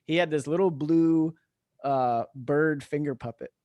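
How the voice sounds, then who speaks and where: Speaking slightly high with a darkish tone and at a measured pace, a retired veteran tells casual, laid-back stories as a podcast guest on a remote call. He swears freely and chuckles as he goes, and the recording is dry.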